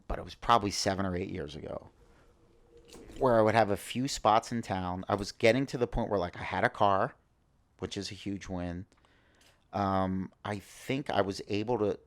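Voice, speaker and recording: A man in his thirties chatting on a podcast, telling stories and acting out the dialogue in them. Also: on the low side. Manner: storytelling, acts out quoted dialogue. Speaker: comedian guest. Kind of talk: casual podcast chat.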